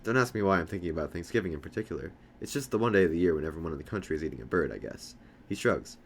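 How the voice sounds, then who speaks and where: A man's voice: sits low, expressive, very fast, slight background noise. A man reading a novel aloud, telling it plainly in the first person. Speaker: audiobook reader.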